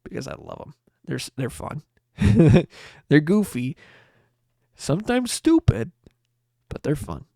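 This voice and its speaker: A man's voice: fairly high pitch, animated, measured pace, creaky, warm tone, no echo, clean studio sound. A man hosting a late-night podcast, chatting in a rambling, upbeat way full of fillers and restarts. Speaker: podcast host.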